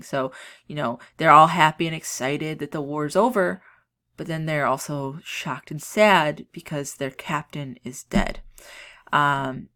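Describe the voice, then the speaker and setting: A young woman teaching an English lesson with a low-pitched voice. She explains a poem casually, full of ums and restarts as she thinks aloud. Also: a bit bright. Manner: chatty, filler-heavy explaining with frequent restarts. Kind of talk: recorded class lesson on a poem.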